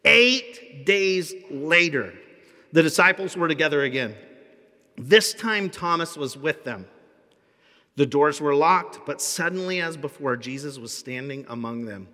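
Pastor guy preaching, lively and jokey, fairly high voice, long hall echo. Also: moderate pace. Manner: animated, humorous storytelling preaching. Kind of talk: sermon.

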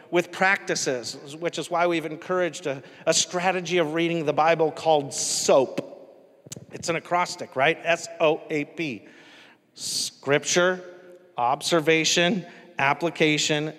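A man preaches a sermon in a relaxed, conversational way, often turning to ask the congregation questions. His voice sits a little high and carries a long reverb in a large hall. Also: unhurried. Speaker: pastor.

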